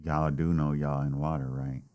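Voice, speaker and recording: A man's voice: very deep voice, little pitch movement, moderate pace, dark tone. A man delivering a blunt, heated, heavily profane solo political rant. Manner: blunt, heated, swears often. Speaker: political commentator.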